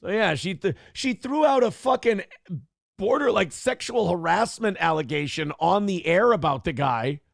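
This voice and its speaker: Animated, gravelly-voiced man telling stories. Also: high-pitched, normal speed, no echo, studio quality. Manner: animated, swearing, acts out quotes with jumps in voice. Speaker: podcast host. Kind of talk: casual storytelling chat.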